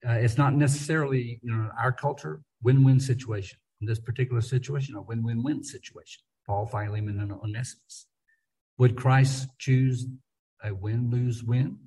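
A man's voice: medium pitch, fairly even intonation, moderate pace, darkish tone, slightly rough, poor audio. A man teaching a Bible study in a conversational way, thinking aloud with frequent restarts and repeated words.

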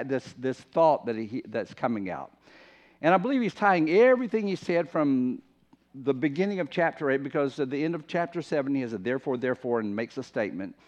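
A male pastor preaching a sermon, slowing down and leaning hard on the words he wants to stress. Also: mid-range voice, a little mellow. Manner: emphatic, slows down to stress key words. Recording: dull lo-fi sound.

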